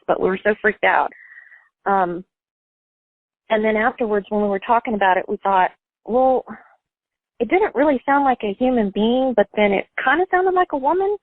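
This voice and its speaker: A woman's voice: medium pitch, no echo. A woman calls in over a thin, tinny phone line and tells a personal story, wandering from point to point. She leans on "like" and "you know" in nearly every phrase. The sound is dry, with no room around her. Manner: rambling, full of fillers and "like". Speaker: caller.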